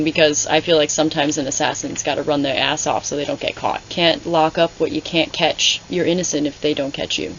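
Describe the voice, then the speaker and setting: A woman's voice: deep voice, slight background noise. A woman giving casual, sarcastic, exasperated commentary as she reads along, rambling into asides. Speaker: booktuber reading along. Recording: slightly dull lo-fi audio.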